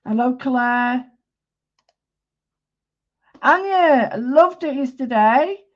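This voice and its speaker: A woman with a broad Mancunian accent chats her way through a live-stream drawing lesson, rambling along and calling out viewers by name. Her voice sits slightly high. The audio is dull and lo-fi. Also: lively intonation, drawn-out words. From Manchester, England. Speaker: art teacher hosting a live stream.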